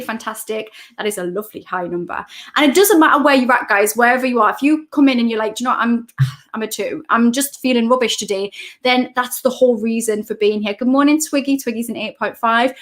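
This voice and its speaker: A woman's voice: a little high, fast talker. A woman, a coach hosting a casual live stream from home, chatting as she greets viewers by name and reads out their comments.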